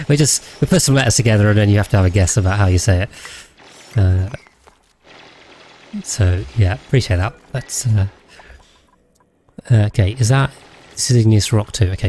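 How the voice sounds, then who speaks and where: A man's voice: on the low side, darkish tone, slight background noise. A man rambling casually as he streams a game, thinking aloud and thanking his viewers. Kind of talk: casual gameplay livestream chat.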